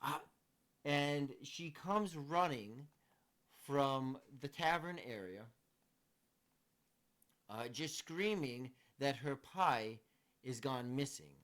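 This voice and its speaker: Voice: mid-range voice, animated, very slow, long pauses, a bit bright. A game master narrating a tabletop game in an easygoing way, with many fillers.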